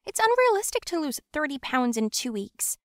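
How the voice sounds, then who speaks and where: A woman voicing a blunt young female friend who scolds in a raised, high voice. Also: very animated, normal speed, no room sound, clean studio sound. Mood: scolding.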